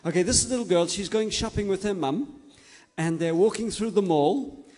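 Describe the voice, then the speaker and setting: A man with a slightly high voice tells a story to a group of children at normal speed, gently coaxing them and checking in as he goes. His voice echoes long through a large hall.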